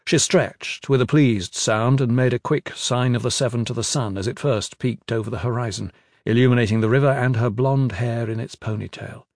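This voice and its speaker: A man narrating a fantasy novel in a measured, even storytelling manner into a close studio mic. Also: medium pitch, no room sound. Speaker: audiobook narrator.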